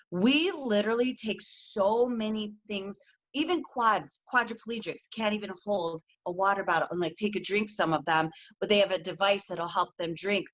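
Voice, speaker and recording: A woman's voice: mid-range voice, a bit bright. A middle-aged woman, a guest coach on a podcast, talking earnestly and acting out quotes as she tells her story. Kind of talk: casual interview chat.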